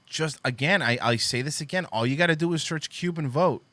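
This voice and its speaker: Male talk host with a bright, forceful voice on a dry close mic; sarcastic and profane. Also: a little high, brisk, no echo. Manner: sarcastic and profane, reading posts aloud and mocking them. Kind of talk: political commentary show.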